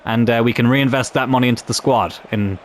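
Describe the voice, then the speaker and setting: A young man commentating on his own football video game in a chatty, animated way, swearing mildly as he plays. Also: mid-range voice, brisk, a little hiss or hum. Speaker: gaming YouTuber.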